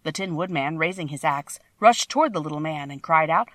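A woman's voice: low-pitched, brisk, hardly any pauses, fairly bright tone, no room sound. Woman reading a storybook, dry sound. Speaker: audiobook reader. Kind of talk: storybook narration.

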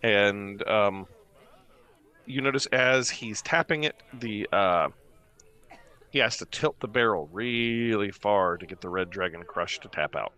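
A man narrating as game master of a tabletop game, pausing often with fillers as he describes the scene. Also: lowish voice, pushed and bright, smooth. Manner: hesitant, many fillers while describing the scene.

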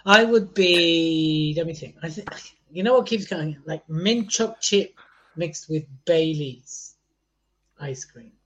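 A man's voice: a little high, takes it slowly, fairly bright tone, lo-fi sound. Jokey, teasing male podcast host. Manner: jokey, teasing, laughs at his own jokes. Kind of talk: casual podcast chat.

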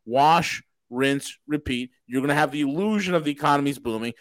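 A man with a high-pitched voice delivers an emphatic, profane rant on the economy, posing rhetorical questions and answering them himself. The sound is close and dry, with no room echo. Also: a little fast. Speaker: podcast host. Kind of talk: casual markets commentary.

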